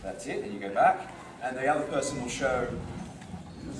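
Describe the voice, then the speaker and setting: A man coaching a karate class in a big hall, his slightly higher voice ringing with echo. He calls out counts and drills the room in call-and-response, heard from across the space over steady background noise. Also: moderate pace. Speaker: karate instructor. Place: large training hall. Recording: echoey hall from far off, noisy.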